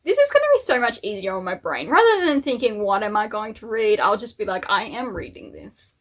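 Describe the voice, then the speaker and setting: A woman's voice: medium pitch, very animated, fast talker. A woman book vlogger chatting casually and cheerfully about the books she plans to read, with little asides and fillers. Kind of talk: casual chat.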